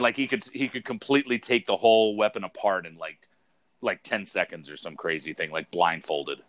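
A man in a casual chat, telling an animated story full of fillers and the word dude. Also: on the low side, no room sound.

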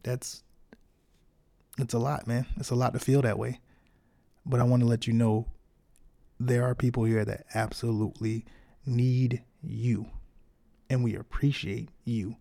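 Gravelly-voiced man hosting a podcast. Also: mid-range voice, level tone, unhurried, long pauses, dark tone. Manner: frank, encouraging, conversational slang. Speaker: podcast host. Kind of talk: casual solo podcast monologue.

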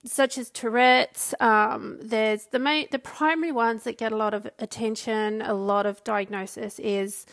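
Here a female coach does solo podcast talk, loose and conversational, restarting often and voicing quotes dramatically. Her pitch is fairly high and her tone creaky.

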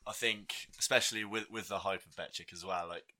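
A man joining a casual podcast chat, easygoing and quick to laugh along. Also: fairly low pitch, steady tone, sharp tone. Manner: easygoing, laughs and agrees often.

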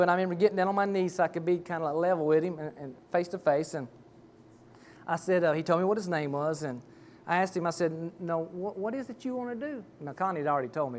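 A man's voice: a little high, slight background noise. A middle-aged man, preaching a sermon and telling a personal story in a folksy, rambling way. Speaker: pastor.

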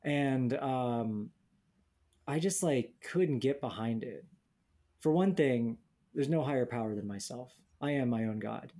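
A man's voice: mid-range voice, unhurried, mellow. A young man in casual conversation, telling stories bluntly and sardonically, with lots of profanity and mocking quoted voices. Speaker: podcast co-host. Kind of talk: casual chat.

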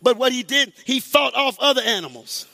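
A male pastor preaching a sermon, moving from quiet, slow talk to shouted, sing-song exhortation and calling on the congregation to answer. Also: extremely high pitch, lively intonation, gravelly. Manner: calls on the congregation to respond.

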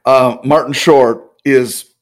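A man co-hosts a podcast, chatting casually with plenty of fillers, restarts, and chuckles. His medium-pitched voice stays steady, and he takes things slowly.

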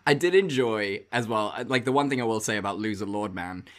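A man's voice: lowish voice, lively intonation, brisk, a bit bright. A man co-hosting a casual movie podcast, teasing and swearing as he jokes his way through his opinions. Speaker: podcast co-host. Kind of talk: casual chat reviewing a movie.

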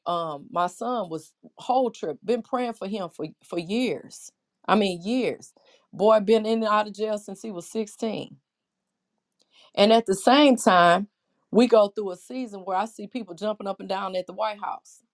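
A middle-aged woman preaching a Bible lesson in an impassioned, conversational way, often putting questions to her listeners. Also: medium pitch.

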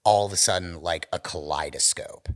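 A man with a low-pitched voice, talking at normal speed, tells a story on a podcast he co-hosts. The chat is casual, and he swears often while animatedly impersonating the story's characters.

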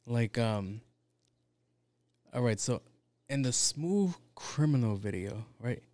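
A man's voice: medium pitch, expressive, slow, warm tone, dry recording. A man ranting casually and comically, rambling and swearing, packed with fillers. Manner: rambling, profane, lots of fillers. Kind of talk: casual comedic rant.

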